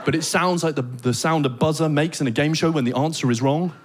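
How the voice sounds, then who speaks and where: A British man doing a stand-up comedy set on a theater stage, telling animated stories full of comic voices and mock Danish. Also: fairly high pitch, fast talker, a little hiss or hum. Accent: British English. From Britain. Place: theater stage before a live audience.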